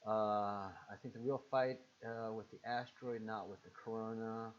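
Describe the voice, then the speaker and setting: Speaking at a normal speed with fairly even intonation, a Southern-accented man runs a live stream. He reads viewers' comments aloud and responds in a relaxed way, using lots of fillers, over muffled, low-fidelity audio.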